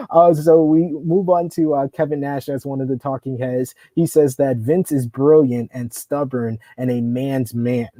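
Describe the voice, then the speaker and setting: A man's voice: medium pitch, fairly even intonation, unhurried, mellow, no room sound. A man co-hosting a wrestling review show, recapping a documentary and reading out viewer comments in a casual, conversational way. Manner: recaps the story and reads viewer comments aloud.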